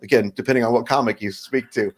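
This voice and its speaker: A man's voice: mid-range voice, quick pace. Man with a comedian's easy, storytelling delivery. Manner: animated storyteller, acts out bits. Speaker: stand-up comedian guest. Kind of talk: stand-up set then casual interview.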